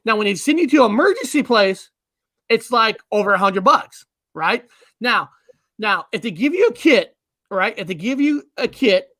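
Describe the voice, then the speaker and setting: A man's voice: sits high, pushed and bright, no echo, clean studio sound. A man hosting a casual chat, ranting angrily with lots of swearing and repeated words. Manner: angry, profane, repeats himself. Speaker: podcast host.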